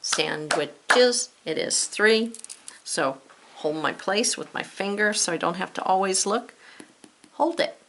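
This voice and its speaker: A woman's voice: mid-range voice, animated, unhurried, a bit bright. A woman teacher leading a spelling lesson, talking herself through each step in a chatty way.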